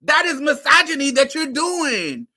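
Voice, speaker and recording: Hosting a casual talk show, a woman tells her listeners a story in a blunt, profane way, laughing often. Her voice sits high and is sing-song with a sharp tone, and she's unhurried.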